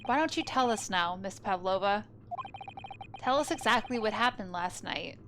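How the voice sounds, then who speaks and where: A woman's voice: animated, normal speed, noisy background, natural voice. A woman voicing a pompous, theatrical male detective while reading a game's text aloud. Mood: commanding. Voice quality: lowered, drawling, grandiose. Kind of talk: let's play voice acting of game text. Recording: game music underneath.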